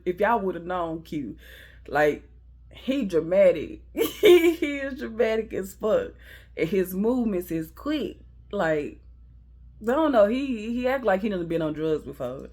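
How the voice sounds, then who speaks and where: A young woman tells a casual storytime. She swears freely and acts out the quotes. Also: medium pitch. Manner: animated, laughing, profane, acting out quotes.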